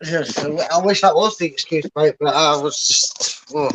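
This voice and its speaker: A man's voice: a little high, normal speed. A man co-hosting from a remote call, easygoing and calling everyone mate. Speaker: co-host. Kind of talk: casual chat. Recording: loud crowd noise on call.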